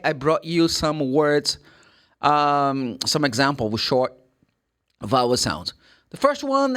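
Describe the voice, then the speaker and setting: A Brazilian man whose first language is Portuguese teaches English vowel sounds in a relaxed, joking way. His voice sits a little high and swings up and down freely. He repeats his points and laughs at himself. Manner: chatty, jokey, repeats phrases, laughs at himself. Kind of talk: casual online pronunciation lesson.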